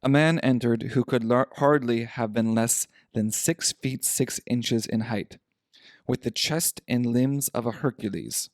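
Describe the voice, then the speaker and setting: A man reading a classic story aloud for English learners, in a clear, measured way. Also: medium pitch, no room sound, studio quality.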